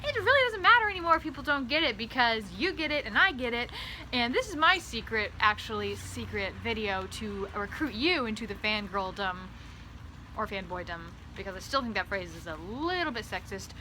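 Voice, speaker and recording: A woman with a fairly high, bright, sharp voice talks to camera in a comedic vlog monologue. She rambles, stumbles over repeated words and swings from loud, excited bursts to hushed asides. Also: a little fast, a little hiss or hum. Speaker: author vlogger.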